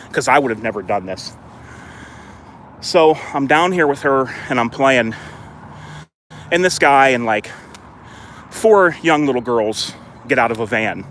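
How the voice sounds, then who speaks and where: A man's voice: fairly bright tone, slight background noise. A man talking casually and rambling while he plays with his dog outdoors by a fenced court, filmed on a handheld phone. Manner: chatty and rambling, lifts his voice high for dog praise. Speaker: dog owner vlogger.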